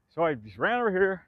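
A man's voice: high voice, no echo. Rambling older man, dry and slightly dull. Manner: rambling, chatty, laughs often, restarts sentences. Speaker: former dancer recalling his theater days. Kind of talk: casual spoken reminiscence. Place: outdoors in a city park.

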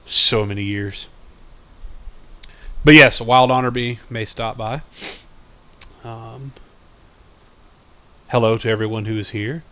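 A man's voice: medium pitch, animated, takes it slowly, long pauses, a bit bright, dry recording. A man chatting casually and goofily on a live game stream. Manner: goofy, rambling, playful voices.

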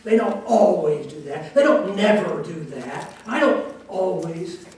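A man's voice: high-pitched, expressive, a little slow, darkish tone, a little hiss or hum. A middle-aged man preaching a sermon as pastor, folksy and joking, leaning hard on repeated words. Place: church sanctuary. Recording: echoey church hall, voice from a distance.

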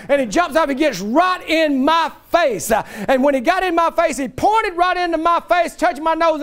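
High-voiced preacher man. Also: a bit bright. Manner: folksy, emphatic storytelling preaching. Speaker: pastor. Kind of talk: sermon. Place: church.

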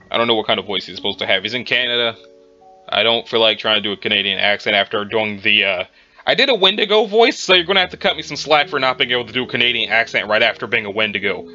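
A man's voice: on the low side, lively intonation, quick pace, pushed and bright. A man, the host, reading horror entries aloud with chatty asides and a slightly strained throat. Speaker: reader and host. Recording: dull lo-fi with music behind.

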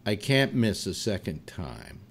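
A man's voice: lowish voice, sing-song, a little slow, vocal fry, noisy background, heavily acted. A man voicing a battered male hunter who mutters stubbornly to himself in a joke. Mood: grudging.

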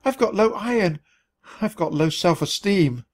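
Man voicing a jittery male mouse, whiny and stammering, pitched high with panic. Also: lively intonation, unhurried. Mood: panicky. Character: timid fretful male mouse, easily panicked.

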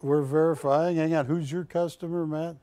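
A man's voice: a little high, fairly even intonation, moderate pace, mellow, no echo. A man hosting a live shopping-channel art auction, calling bids with joking, teasing banter from a TV studio.

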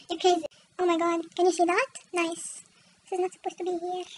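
A woman's voice: very high-pitched, monotone, normal speed, a little hiss or hum. A young woman chatting to her camera at home, giggly and rambling, full of "like" and "oh my God". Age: young adult. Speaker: beauty vlogger. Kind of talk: casual chat to camera. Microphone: camera close to the face.

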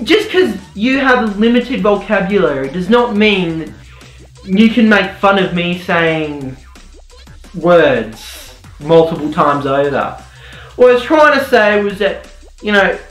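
A young man rants sarcastically through a jokey commentary, his voice jumping around as he mocks and riffs. The room rings with a clear echo, and soft music plays faintly underneath. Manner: sarcastic, mock-ranting, jumpy pitch. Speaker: YouTuber commentator. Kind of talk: rambling comedic commentary.

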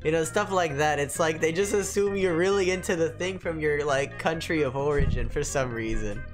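American woman, low-ish voice, lazy slangy drawl, soft music behind. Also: moderate pace. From United States.

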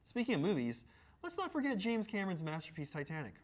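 A man's voice: high-pitched, wildly swooping pitch, fast. A man giving a comedic, mock-grand reading of a written letter from a video. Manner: mock-grand, playful delivery.

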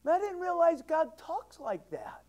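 A male pastor preaching a sermon, moving between loud, emphatic declarations and hushed, drawn-in asides to the congregation. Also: extremely high pitch, huge pitch swings, normal speed.

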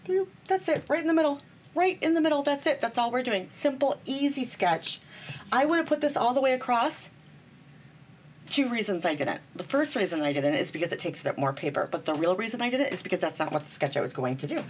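A woman's voice: a little high, lively intonation, brisk, a little hiss or hum. A woman chatting bubbly and self-deprecating while she demonstrates card making at her craft table, talking to viewers as friends.

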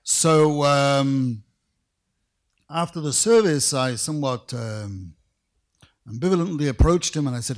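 A middle-aged man giving a formal lecture, telling anecdotes with careful, precise diction, measured pacing and dry humor. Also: mid-range voice, animated. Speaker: rabbinic lecturer.

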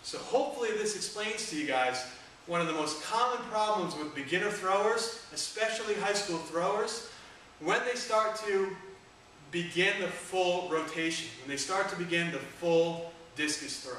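A man coaching discus technique, giving energetic, emphatic cues in an instructional demo. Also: high-pitched, normal speed. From United States. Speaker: throwing coach. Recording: echoey room, distant mic, faint noise.

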